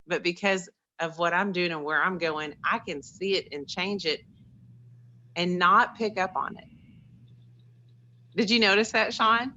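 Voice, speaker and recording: A woman's voice: lowish voice, a little slow, pauses often, sharp tone, highs cut off, slight background noise. A middle-aged woman, sharing personal stories in an earnest, chatty way on a group call. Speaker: call participant.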